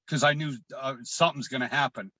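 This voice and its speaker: A man from Washington state, a guest on a video call, telling a painful personal story in a halting way, often restarting and repeating words. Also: medium pitch, fairly even intonation, sharp tone, no echo. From Washington state, USA. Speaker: guest sharing his recovery story.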